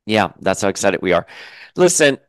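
A man hosting an excited fan reaction show, gushing and stammering through restarts. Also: lowish voice, normal speed, dry recording. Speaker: YouTube show host.

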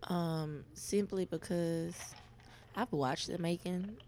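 A woman's voice: fairly low pitch, slow, a little mellow, slight background noise. A woman co-hosting a podcast, talking candidly and giggling in casual chat. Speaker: podcast co-host.

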